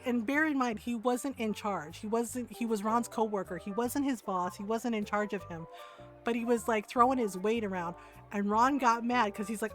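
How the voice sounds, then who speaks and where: A woman streamer telling a funny story in casual chat, animated, laughing often and tagging lines with "right?". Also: on the high side, moderate pace, faint music behind. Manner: animated, laughs often, many fillers and tag questions.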